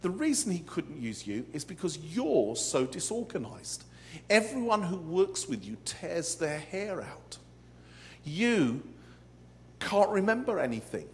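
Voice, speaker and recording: A man voicing Satan as a sly male liar who whispers slow, needling taunts. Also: high voice, long reverb tail, a little hiss or hum, voice pushed up, exaggerated voice.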